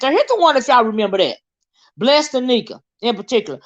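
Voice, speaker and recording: A middle-aged woman with a Southern American drawl, talking straight into the camera in an unscripted commentary. Her voice sits a little high, and she is blunt and combative, tossing in "right?" after her points. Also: big pitch swings, normal speed, lo-fi sound. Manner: blunt and confrontational, with frequent "right?" tag questions. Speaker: online commentary host.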